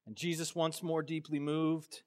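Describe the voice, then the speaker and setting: Man, pastor, high voice, impassioned sermon, quiet then loud, chatty story asides. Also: little pitch movement, measured pace. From Florida. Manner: casual storytelling with fillers.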